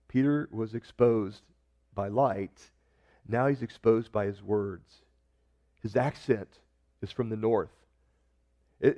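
A man preaching a sermon in a conversational way, acting out the quoted lines with sudden shifts in loudness and tone. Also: fairly high pitch, lo-fi sound. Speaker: pastor.

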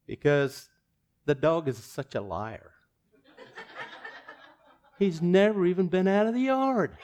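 Brief: dog owner, dry and knowing, voice a bit raised, done by a preacher. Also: male voice, high-pitched, expressive, slow pace, a little mellow, voice pushed up. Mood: wry.

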